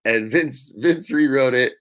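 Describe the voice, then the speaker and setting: A man as an interview guest, telling lively, frank anecdotes in a casual, profane way. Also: medium pitch, unhurried.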